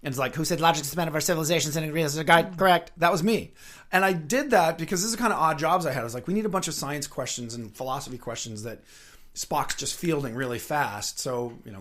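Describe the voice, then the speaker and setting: A middle-aged man who is a guest on an interview show, telling rambling, lively anecdotes and laughing often. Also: mid-range voice, quick pace. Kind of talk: casual anecdotal storytelling.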